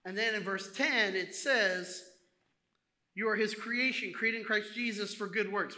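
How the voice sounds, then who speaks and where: A man preaching a sermon in a lively, conversational way, acting out little asides to the congregation. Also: high-pitched, unhurried. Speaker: pastor.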